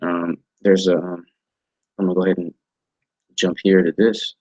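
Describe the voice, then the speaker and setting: An instructor with a low, husky, darkish voice teaches an online training class over a video call, speaking haltingly, repeating words and restarting sentences with little pitch movement. The audio is dry, dull lo-fi call sound with no room sound.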